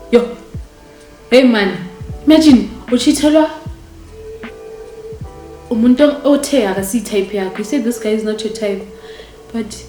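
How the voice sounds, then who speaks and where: A young woman telling a storytime vlog, animated and indignant, talking straight to her viewers. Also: on the high side, a little slow, long pauses. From South Africa. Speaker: vlogger. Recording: echoey room with faint music.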